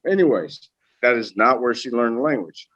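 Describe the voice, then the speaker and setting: Podcast guest, male, lively swearing storyteller, dry lo-fi mic. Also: mid-range voice, normal speed, no echo. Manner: profane, animated anecdote telling.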